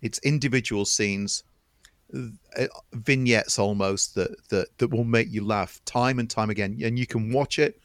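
A man with a fairly low voice talks films in an eager, tumbling way, often doubling back on his words. The sound is dry and close, with no room around it. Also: fairly even intonation, measured pace, no room sound. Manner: enthusiastic, repeats words while building a point. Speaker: podcast co-host. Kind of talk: casual film chat.

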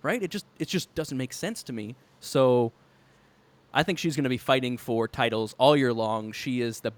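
A man of ordinary pitch chats on a podcast with eager energy, often breaking into laughs. He talks in quick bursts when excited. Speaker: podcast co-host. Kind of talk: casual podcast chat about wrestling.

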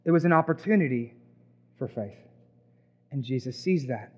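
A man preaching a sermon as pastor, animated and acting out imagined reactions. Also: mid-range voice, moderate pace, dull audio.

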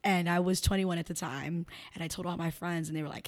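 Blunt, candid woman with a lowish voice. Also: steady tone, fairly quick. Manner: blunt, frank, laughs often. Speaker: podcast guest, entrepreneur. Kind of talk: candid conversational interview.

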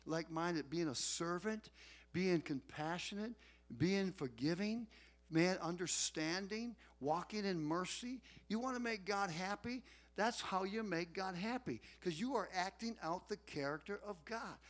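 A middle-aged man preaching a sermon to his congregation in a folksy, animated way. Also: high-pitched, measured pace. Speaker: pastor.

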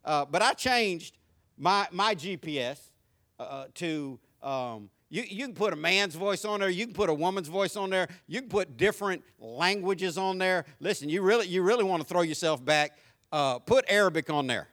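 A man's voice: high-pitched, animated, normal speed, a bit bright. A middle-aged man with a Southern US accent, preaching a sermon as a pastor and telling humorous stories to his congregation.

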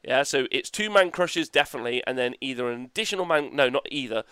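A man chatting on a podcast with a smooth, clear voice of middling pitch. He rambles with enthusiasm, laughs often and swears casually. The sound is dry and close. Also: expressive, quick pace, pushed and bright, no room sound. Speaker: podcast co-host. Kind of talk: casual chat.

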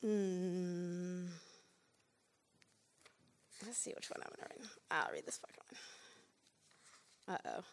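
A woman's voice: on the low side, takes it slowly, long pauses. Casual, profane woman poet chatting. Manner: casual, profane, laughing asides. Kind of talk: casual talk between poems at a reading.

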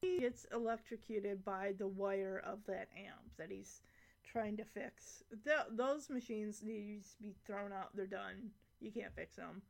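A woman's voice: medium pitch, a little slow, vocal fry, a little hiss or hum. A young woman recapping a sitcom episode in casual, rambling chat with giggly asides.

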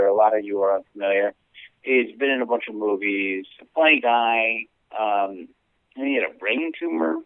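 A man, a comedian co-hosting a podcast, talking in an animated, venting way in casual chat. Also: lowish voice, smooth, no room sound. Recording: tinny phone-like line.

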